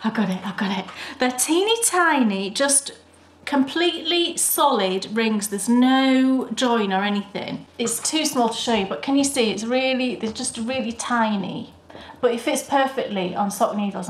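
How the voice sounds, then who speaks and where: Chatty British woman, roomy echo. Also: fairly high pitch. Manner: chatty and enthusiastic, gushing praise. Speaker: podcast co-host. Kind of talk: casual chat.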